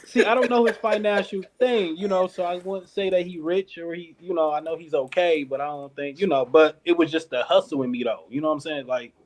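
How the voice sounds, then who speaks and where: On a podcast, a Detroit clothing company founder tells a long, casual story, laughing frequently and voicing what other people said. He talks briskly with hardly any pauses, his pitch fairly high and his intonation fairly even.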